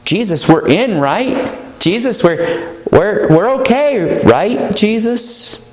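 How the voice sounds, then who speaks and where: Guy putting on a whiny high churchgoer begging for approval, echoey room. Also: expressive, slow. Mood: pleading. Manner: high, wheedling, questioning. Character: anxious pleading churchgoers, adult, seeking approval.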